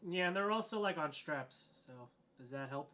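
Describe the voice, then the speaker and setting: A man's voice: a little high, lively intonation, bright, forceful tone, slight background noise. A man playing in a tabletop game, talking casually with lots of fillers. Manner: quick, filler-heavy talk. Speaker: player.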